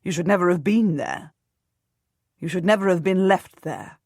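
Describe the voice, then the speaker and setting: Knight, read by a woman: nobleman in armour, yelling happily, scolding after. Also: on the low side, normal speed, husky, dry recording, studio quality. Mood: stern. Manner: yelling with joy, then scolding. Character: jubilant nobleman knight in armour, grown man.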